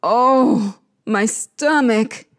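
A woman's voice: on the high side, very animated, takes it slowly. A woman voicing a moaning underworld queen goddess. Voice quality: moaning, groaning.

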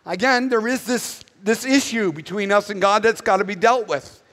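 A man's voice: high-pitched, normal speed, fairly bright tone. A male pastor with a Northern US accent, preaching a sermon in a blunt, conversational way with casual asides. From northern United States. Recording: echoey hall reverb.

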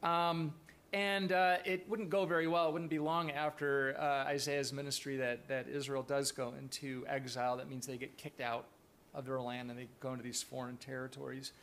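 A man's voice: mid-range voice, level tone, moderate pace, fairly bright tone. A man preaching a sermon to his congregation, earnest and thoughtful, often restarting his phrases. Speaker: pastor.

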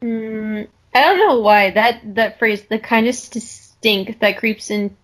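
A woman's voice: fairly high pitch, slow, fairly bright tone. A woman co-hosting a podcast in casual chat over a video call, thinking aloud and laughing easily.

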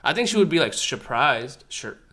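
A man co-hosting a casual podcast chat with friends, loud and joking in quick banter. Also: mid-range voice, very animated. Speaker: podcast co-host.

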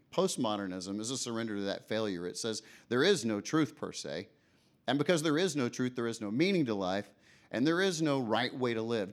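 A man delivers a sermon in a middle-pitched voice. He talks conversationally and keeps asking his listeners questions. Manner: conversational, asks the audience questions. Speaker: preacher.

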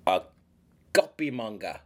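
A man's voice: fairly low pitch, very animated, a little slow, darkish tone, a little hiss or hum. A man from Iceland in casual chat, playful and trying silly impressions.

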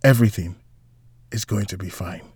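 A man doing a young woman with a hushed, gentle voice, protective of her little brother, in an audiobook, dry close sound. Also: medium pitch, moderate pace, no echo, natural voice. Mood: tender, soothing. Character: young woman, tender, protective older sister.

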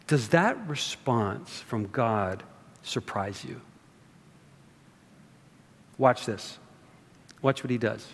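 A man's voice: medium pitch, very slow, pauses often, fairly bright tone, long reverb tail. A man preaching a sermon, talking conversationally to the congregation with rhetorical asides. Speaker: pastor.

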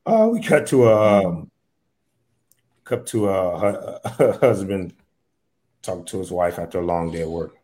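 A man's voice: deep voice, animated, measured pace, long pauses, mellow. A man in casual chat as a podcast co-host, talking in a blunt, profane, joking way.

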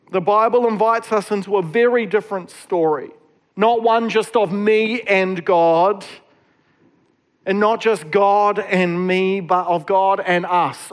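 Man, pastor, sermon, high-pitched, conversational, filler-heavy. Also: measured pace. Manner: casual, conversational preaching with many fillers.

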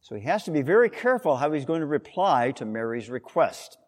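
A man preaching a sermon, explaining scripture with rhetorical questions and an expressive delivery. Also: fairly high pitch, fairly quick, big-room sound.

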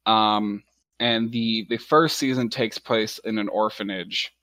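A young man with a fairly low voice talks casually about anime, loose and rambling with lots of fillers. The sound is dry and close, with little room around it. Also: slow, no echo. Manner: relaxed, filler-heavy, laughs easily.

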